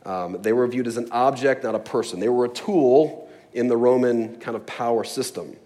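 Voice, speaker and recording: A man's voice: medium pitch, normal speed, dark tone. A man preaching a sermon, explaining a scripture passage with storytelling and acted-out asides. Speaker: pastor.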